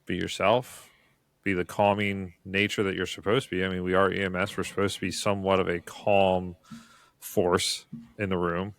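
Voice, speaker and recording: A man who works as a paramedic, telling stories in a calm, earnest way during a casual podcast chat. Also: deep voice, no echo.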